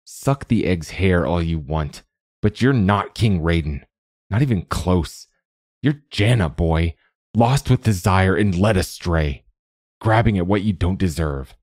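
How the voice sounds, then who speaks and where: A man with a low voice reading the part of a squat, lumbering young monk who bullies with sneering, muttered scorn. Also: expressive, measured pace, darkish tone, no room sound, studio quality. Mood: scornful.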